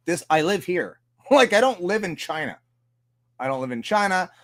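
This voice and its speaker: With a high, very animated voice and a fairly bright tone, this Canadian man hosts a livestream at normal speed. He rants casually, swears heavily and laughs a lot.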